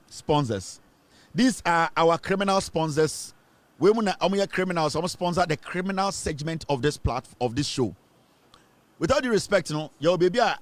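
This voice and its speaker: A man's voice: on the high side, no room sound. A Ghanaian man hosting a political commentary show, ranting and mocking as he switches between English and Twi.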